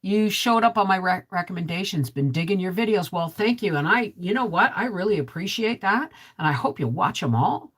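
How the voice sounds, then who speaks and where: A middle-aged woman with a deep, resonant voice, hosting a casual vlog live stream. She chats straight to viewers, reads their comments and keeps asking "right?". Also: expressive, a little fast, hardly any pauses, a bit bright, slightly rough. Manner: chatty, talks straight to viewers with frequent "right?". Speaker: homesteading vlog host.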